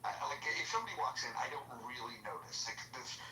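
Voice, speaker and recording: A bright-voiced man hosts a live debate room in loose casual chat. He hesitates, restarts and fills gaps with "like." His voice sounds roomy and a little distant, with faint noise behind it. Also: medium pitch, big pitch swings, quick pace. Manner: hesitant, filler-heavy, restarts a lot.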